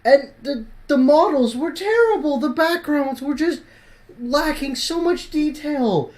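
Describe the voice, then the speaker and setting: A woman in a casual review chat, groaning and stammering through her complaints. Her voice is fairly high with a lively range, and her delivery is slow. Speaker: co-host.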